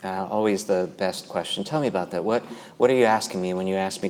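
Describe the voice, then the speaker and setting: A man's voice: deep voice, fast talker, darkish tone. A man giving a conference talk on abuse and faith, earnestly retelling what survivors he interviewed told him. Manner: earnest, quotes people he interviewed. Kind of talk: conference talk with retold stories. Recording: long hall reverb.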